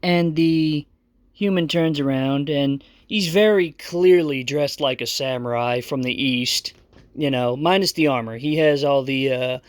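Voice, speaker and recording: Casual game master narrating, higher voice. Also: male voice, unhurried, dry recording. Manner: casual, rambling, many fillers.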